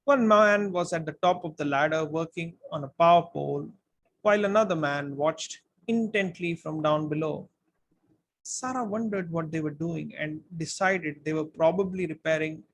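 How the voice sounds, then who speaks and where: A man reading a storybook aloud in an expressive way, now and then speaking to his listeners. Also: fairly high pitch. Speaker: book reader. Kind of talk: audiobook-style story reading.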